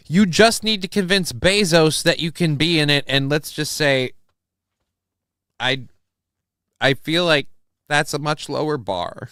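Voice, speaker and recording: Profane ranting man, smooth voice. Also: a little high, a little slow, long pauses, a bit bright, no room sound, clean studio sound. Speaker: livestream host reading chat. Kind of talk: crude casual streamer chat.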